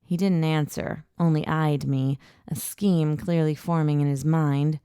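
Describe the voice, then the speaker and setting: A woman narrating a first-person audiobook in an even, intimate storytelling voice, recorded close in a booth. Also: sits low, measured pace, smooth, no echo.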